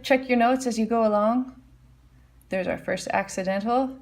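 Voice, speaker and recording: A woman's voice: medium pitch, normal speed, darkish tone. A woman teaching a casual music lesson at the piano, explaining notation and singing melody lines on "da". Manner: hums and scats melody lines while explaining.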